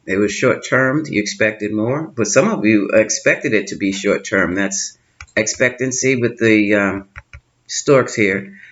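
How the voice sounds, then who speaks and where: A man doing a tarot card reading, musing and thinking aloud with pauses, recorded at home. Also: on the low side, a bit bright. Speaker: tarot reader. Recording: slightly dull lo-fi sound with faint noise.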